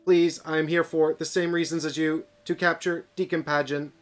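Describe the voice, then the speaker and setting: A man voicing a calm, advanced male android explosives expert who speaks in a slow, deliberate way. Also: a little high, voice pushed up, natural voice. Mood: measured.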